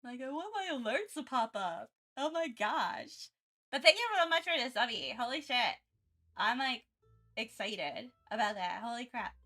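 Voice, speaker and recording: Bubbly young woman streamer, bright voice. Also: a little high, normal speed, faint music behind. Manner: excitable, gushing thanks, rambling with many fillers. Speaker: art livestreamer. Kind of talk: casual live-stream chat.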